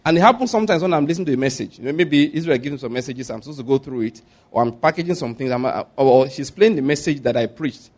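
A middle-aged man with a Nigerian accent preaching a sermon as a pastor, animated and laughing at his own stories. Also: mid-range voice, quick pace.

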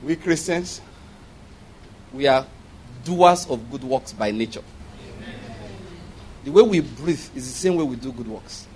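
A man preaching a sermon in an animated way, often laughing and acting out little dialogues. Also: mid-range voice, a little slow, pauses often, slight background noise.

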